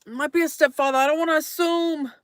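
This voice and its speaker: A woman's voice: high-pitched, fairly even intonation, fast talker, dry recording, studio quality. A young adult woman live streaming late at night, reading chat aloud in a playful, theatrical way.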